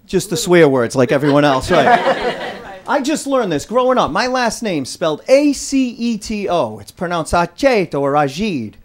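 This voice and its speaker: A stand-up comedian from Rhode Island, USA, does a brash, punchy routine and works the crowd. His high-pitched voice is very animated at a moderate pace, captured in a live club recording with audience laughter and crowd noise behind him.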